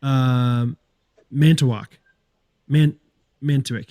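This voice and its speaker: A man's voice: medium pitch, fairly even intonation, slow, dark tone. A man joking around as a guest in a casual podcast chat. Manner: playful, joking.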